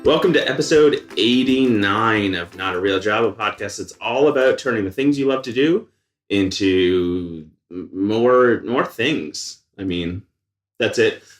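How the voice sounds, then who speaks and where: A man with a fairly low voice speaks at a measured pace, recorded from a distance in an echoey room with faint music behind him. Co-hosting a casual podcast indoors for an audience of one, he's dry, self-mocking and jokey.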